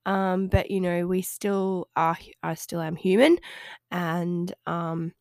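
A woman's voice: lowish voice, fairly even intonation, slow, darkish tone, no room sound, clean studio sound. A woman hosting a casual solo podcast, speaking in a nasal voice with a stuffy head cold, hesitant and rambling but friendly. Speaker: podcast host and health coach.

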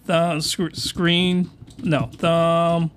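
A man hosting an anime reaction video, giving excitable, crude commentary at a desk mic, with shouting outbursts and voice cracks. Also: fairly high pitch, very slow, slight background noise.

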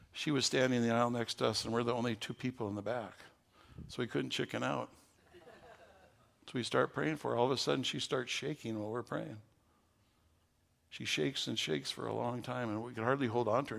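Pastor guy preaching, gravelly voice, tells stories and gets fired up. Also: mid-range voice. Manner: storytelling, growing loud and excited at the climax. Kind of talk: sermon.

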